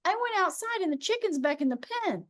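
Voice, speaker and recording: A woman hosting a casual spiritual chat, telling stories in an animated way and acting out the voices of people she quotes. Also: very high voice, brisk, no echo, clean studio sound. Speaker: host.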